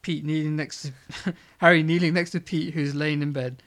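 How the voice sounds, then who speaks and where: A young man reads his own comedy screenplay aloud, hesitant and low, filling gaps with uhs. His voice has a bright, crisp edge. Later he chats casually about the script with a friend. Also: fairly even intonation, normal speed. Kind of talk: reading a script aloud, then casual chat.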